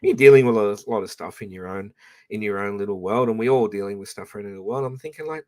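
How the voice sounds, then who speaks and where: A man's voice: on the low side, fast, mellow. Blunt, swearing Australian man ranting. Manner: blunt and profane, rambling with restarts. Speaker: streamer talking to his audience. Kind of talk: casual live-stream rant.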